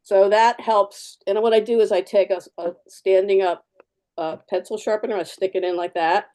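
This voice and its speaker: A woman's voice: medium pitch, steady tone, moderate pace, dark tone. A woman artist giving a live fountain pen demo, chatty and practical, repeating key words for emphasis. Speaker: artist demonstrating fountain pens.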